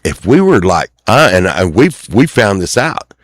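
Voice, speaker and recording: A middle-aged man talks in a deep, low voice, rambling through a casual venting monologue on his own show. He keeps acting out what other people say to him. The sound is dry and close, with no room echo. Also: very animated, unhurried. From Texas. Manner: sings a few lines softly. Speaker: show host.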